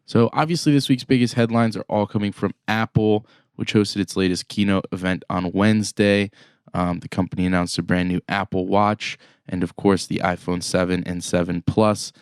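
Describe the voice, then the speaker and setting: Deep-voiced man co-hosting a podcast. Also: moderate pace, clear, resonant tone, dry recording, clean studio sound. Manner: relaxed, chatty, many fillers and restarts. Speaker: podcast co-host. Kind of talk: casual news recap chat.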